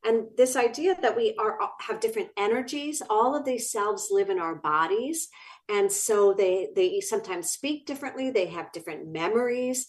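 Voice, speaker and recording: Eager woman guest, warm lively answers on a talk show. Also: mid-range voice, normal speed. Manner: enthusiastic, expressive. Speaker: guest author. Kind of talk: interview answers.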